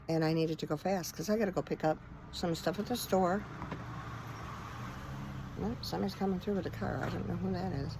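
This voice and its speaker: Filming a casual faith vlog on her phone, a middle-aged woman minister chats earnestly and rambles with fillers. She has a low voice with vocal fry and a darkish tone. Slight background noise is present.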